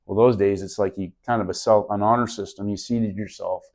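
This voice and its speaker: A man's voice: lowish voice, steady tone, brisk, a little mellow. A middle-aged man, a podcast guest, telling a story in an earnest, reflective way during a casual interview.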